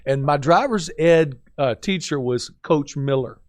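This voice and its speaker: A middle-aged man co-hosting a radio talk show, telling a personal story in an animated way. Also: a little high, a little slow, no echo, clean studio sound. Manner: animated anecdote teller. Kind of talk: storytelling in casual discussion.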